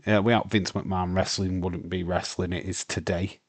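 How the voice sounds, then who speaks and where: A man's voice: low-pitched, little pitch movement, moderate pace, no room sound. A British man from the UK talking casually and bluntly as the host of a live watch-along stream, rambling with many fillers and some swearing. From United Kingdom.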